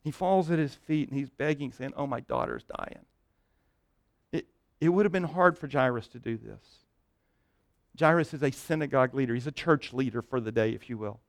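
A man preaching a sermon, telling a Bible story with lively energy, dropping to a hush at tender moments and often repeating words as he goes. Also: mid-range voice, brisk, dry recording, clean studio sound. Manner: repeats words and restarts while thinking aloud. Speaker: pastor.

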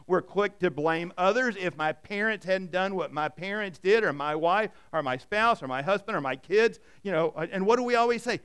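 A middle-aged man preaching with a high, resonant voice. He delivers his sermon dynamically, pressing points loudly and then falling to near-hushed tones. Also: moderate pace, hardly any pauses, smooth. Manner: dynamic preaching, swings from loud emphasis to hushed. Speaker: pastor.

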